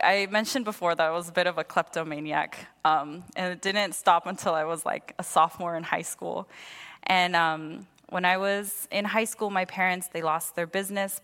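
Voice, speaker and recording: A young woman preaching a sermon and telling a personal story in an animated way, acting out the voices of the people in it. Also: on the low side. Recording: long hall reverb.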